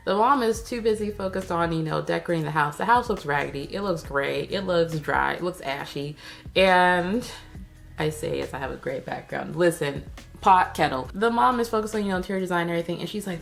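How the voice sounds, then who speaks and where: A woman vlogger recaps a TV episode in a loose, sarcastic, slang-heavy way. Her voice sits a little low and drags into a gravelly fry. Faint music plays underneath. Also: brisk. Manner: sarcastic, chatty, slangy commentary. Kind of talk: casual spoken episode recap.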